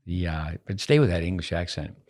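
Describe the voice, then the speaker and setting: Animated and fairly quick, an older man with a low, slightly mellow voice hosts a podcast from a studio table. He teases and rambles through the casual chat, often restarting.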